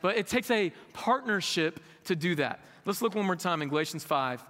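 A man's voice: high voice, animated, moderate pace, a bit bright. A male pastor giving a sermon, candid and conversational, with emphatic rises in a reverberant church hall. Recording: echoey hall with long reverb.

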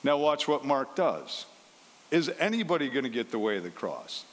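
A pastor preaching a conversational sermon, walking through a scripture passage and briefly acting out the voices in it. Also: male voice, mid-range voice, sing-song, normal speed. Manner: conversational, acts out the quoted lines. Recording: long hall reverb.

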